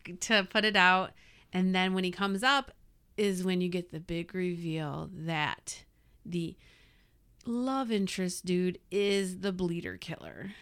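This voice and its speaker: Female podcast co-host, lowish voice, dry and relaxed. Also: slow pace, clean tone. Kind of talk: casual movie chat.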